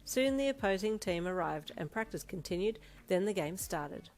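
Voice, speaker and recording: A woman narrating a second-person fan fiction story in an expressive storytelling manner. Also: medium pitch, moderate pace, soft background music.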